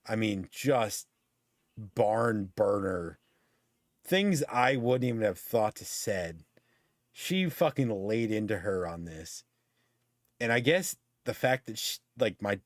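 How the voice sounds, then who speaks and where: A man's voice: fairly low pitch, no room sound, studio quality. A middle-aged man telling a story in casual chat, swearing freely and ranting as he goes. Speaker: podcast host.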